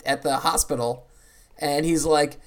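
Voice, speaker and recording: Man pitching plot in a deadpan way. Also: unhurried. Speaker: comedy podcast co-host. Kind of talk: casual comedic chat.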